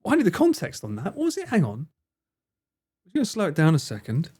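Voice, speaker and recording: Chatty, amused male streamer, lively voice. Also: fairly high pitch, a little fast, husky. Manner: chatty, amused, thinking aloud. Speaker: livestream host. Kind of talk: casual reaction commentary.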